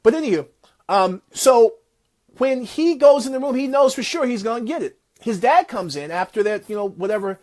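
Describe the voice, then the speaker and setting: A man giving a motivational talk, retelling a success story in an animated, preacher-like way. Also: extremely high pitch, normal speed. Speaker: motivational speaker.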